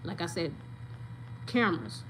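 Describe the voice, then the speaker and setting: A woman's voice: lowish voice, lively intonation, a little slow, a bit bright, slight background noise, poor audio. Emphatic woman venting her story. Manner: emphatic, venting, talks straight to viewers. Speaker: vlogger telling her story. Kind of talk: casual storytelling rant.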